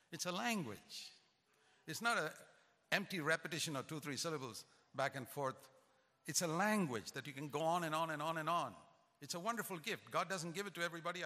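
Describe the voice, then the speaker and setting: An older man preaching a sermon, emphatic and rising in pitch to stress his points. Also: pushed and bright. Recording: long hall reverb.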